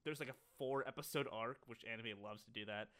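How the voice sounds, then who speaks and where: A young man co-hosting a laid-back podcast, talking in loose rambling runs packed with fillers. His voice sits at an ordinary middle pitch for a man, and he breaks into quick laughs as he goes. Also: bright, forceful tone. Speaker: podcast co-host. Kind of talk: casual chat.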